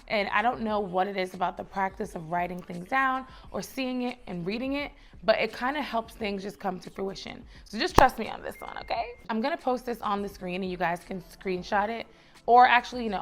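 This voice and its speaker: A woman's voice: mid-range voice, creaky, a bit bright. A young woman from the Bronx, giving chatty, encouraging advice straight to camera and calling her viewers baby and sis. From the Bronx, New York. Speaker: lifestyle vlogger. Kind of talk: casual direct-to-camera advice.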